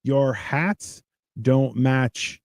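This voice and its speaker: A man co-hosting a casual podcast, telling stories with acted-out voices and deadpan, crude humor. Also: medium pitch, extremely slow, vocal fry, no echo, clean studio sound. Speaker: podcast co-host. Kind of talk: casual chat.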